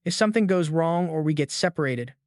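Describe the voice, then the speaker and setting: A man's voice: on the high side, expressive, brisk, a little mellow, no room sound, clean studio sound. A man voicing an uneasy masked gang member making urgent requests over a radio.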